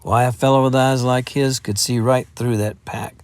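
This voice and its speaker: A man's voice: medium pitch, steady tone, moderate pace, a little mellow, clean tone, lightly acted. A man voicing a kindly, bantering grown man in a storybook reading. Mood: genial. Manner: genial and bantering.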